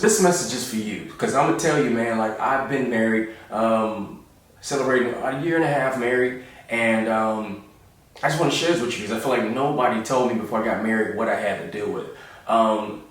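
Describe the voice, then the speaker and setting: A man in his thirties, a comedian telling stories in a relaxed, joking way and acting out the voices of the people in them. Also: on the low side, brisk, heavy reverb, distant mic. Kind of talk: casual storytelling monologue.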